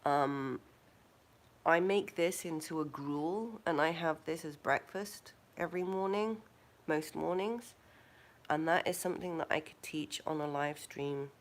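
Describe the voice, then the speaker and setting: A woman hosting a live stream in a relaxed, casual way, recommending foods and telling stories. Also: deep voice, a little slow.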